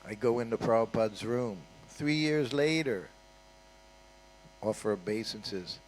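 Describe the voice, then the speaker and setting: This older man's voice is mid-range and a little mellow, with a measured pace. As a temple guest speaker he gives an informal storytelling talk, conversational and filled with "you know" and "huh?" asides, captured in poor audio.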